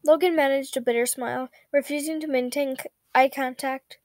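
High-voiced woman reading a story aloud. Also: brisk, hardly any pauses, no room sound. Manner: steady, plain reading with small slips and self-corrections. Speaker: fanfiction reader.

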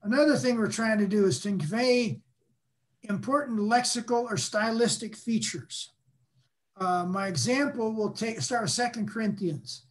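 An older man lecturing, explaining patiently and pausing to restate his points. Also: sits high. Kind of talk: academic lecture.

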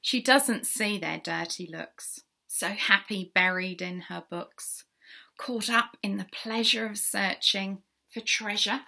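A woman's voice: mid-range voice, takes it slowly, vocal fry, bright, forceful tone. A woman reading a rhyming picture book aloud to children, in a sing-song way, sometimes whispering and asking the listener questions. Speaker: children's storyteller.

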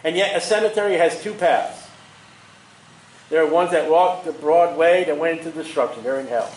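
A man preaching a sermon in an animated way, chuckling at his own asides. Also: a little high, normal speed, roomy sound, poor audio.

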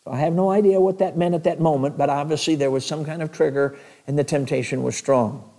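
A man's voice: fairly high pitch, steady tone, fast, mellow. A male evangelist preaching a sermon in a church, telling stories in a conversational way with chuckles.

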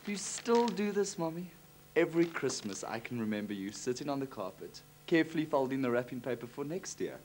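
A man's voice: mid-range voice, very animated, fairly quick, a little hiss or hum, natural voice, rough recording. A man playing a tired grown son who dryly teases his mother in a TV sitcom. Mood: teasing. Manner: dry, gently mocking. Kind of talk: TV sitcom acting.

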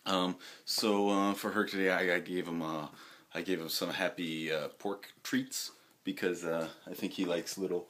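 A man talking casually to the camera at home in a rambling, halting way, full of fillers and restarts, sometimes turning to speak fondly to his dog. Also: deep voice, fairly even intonation, fairly bright tone. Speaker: vlogger.

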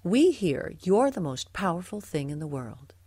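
A woman's voice: lowish voice, big pitch swings, normal speed, darkish tone, slightly rough, no room sound. A woman doing a fussy father mouse. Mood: eager. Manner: eager, stammering, calling out.

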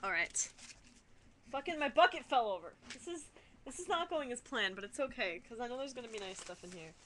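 Young woman on a webcam vlog, high and bright, chatty and excitable with lots of swearing, faint room noise. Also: brisk. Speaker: vlogger. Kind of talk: casual webcam vlog, unboxing a package. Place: her room, indoors.

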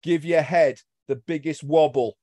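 A man co-hosting a webinar on a video call, quick and jokey as he gives shout-outs. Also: a little high, fairly even intonation, dry recording. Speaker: webinar co-host. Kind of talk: casual chat, shout-outs.

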